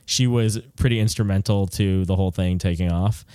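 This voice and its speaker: A man's voice: sits low, fairly even intonation, a little fast, dark tone, clean tone, dry recording, clean studio sound. A man talking casually about a film, rambling with frequent restarts. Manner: rambling, restarts often, lots of "like". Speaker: podcast co-host.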